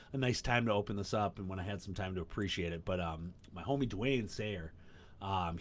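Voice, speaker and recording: A man in his thirties hosting a casual solo podcast from home, rambling, swearing and getting excited. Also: fairly low pitch. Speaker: podcast host. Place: home room.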